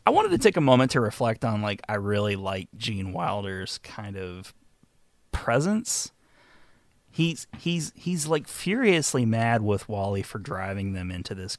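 A man co-hosting a casual movie-review podcast, jokey and profane, often breaking into loud mock voices. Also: mid-range voice, no echo. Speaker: podcast co-host.

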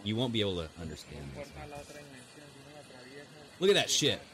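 A man's voice: on the low side, very animated, moderate pace, a bit bright. A man co-hosting a casual podcast, joking, swearing and laughing as he reads out odd news stories. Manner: jokey, swearing, breaks into laughter and silly voices. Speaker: podcast co-host. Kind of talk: casual chat.

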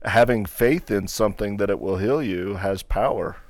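A man's voice: lowish voice, moderate pace, crowd noise. A man hosting a podcast interview in a chatty, agreeable way, often relating his own experience. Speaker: podcast host. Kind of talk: casual interview chat.

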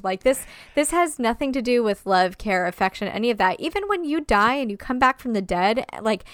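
Woman, film podcast co-host, exasperated, swears a lot, fairly high voice, dry sound. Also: expressive, brisk, hardly any pauses, smooth, dry recording. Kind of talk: casual film review chat.

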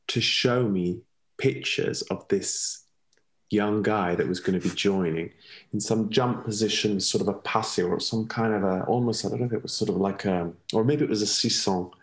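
A man with a European accent, talking reflectively as an interview guest, often laughing and repeating words while he searches for them. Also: sits low. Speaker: interview guest, former ballet colleague and mentor. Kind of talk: reflective conversational storytelling.

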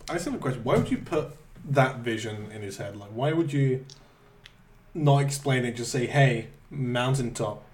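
A man's voice: mid-range voice, big pitch swings, moderate pace, darkish tone, distant mic. A man discussing film technique on a casual podcast, thoughtful and analytical. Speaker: podcast co-host. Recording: roomy sound from off mic.

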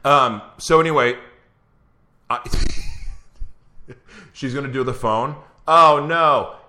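A man hosting a live-streamed show, chatting casually, laughing often and reading an introduction aloud, with a voice that is going hoarse. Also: mid-range voice, slow pace, sharp tone. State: losing his voice. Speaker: show host.

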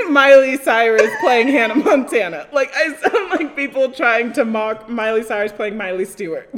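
A woman co-hosting a podcast, with an accent that blends American Southern and Jamaican, laid-back and quick to laugh. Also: fairly high pitch, lively intonation, a crowd in the background. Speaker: podcast co-host. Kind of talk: casual chat.

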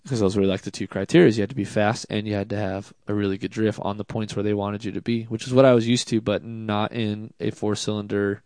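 A man, a drift driver, telling a casual story in an interview, animated and self-deprecating, with many fillers. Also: on the low side, quick pace, hardly any pauses, clear, resonant tone, no echo, clean studio sound.

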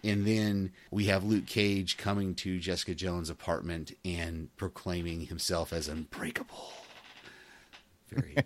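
A man co-hosting a podcast in loose, casual chat. His voice sits a little low, and he laughs easily and often backs up mid-sentence to restart a thought. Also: level tone, a little slow, slight background noise. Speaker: podcast co-host.

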